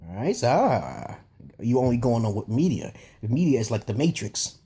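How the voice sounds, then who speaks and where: A man's voice: mid-range voice, very animated, moderate pace, dark tone, husky. A man giving a rambling, profane opinion monologue as a vlogger, emphatic and often checking "okay?" with his listeners. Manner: repeats and restarts phrases.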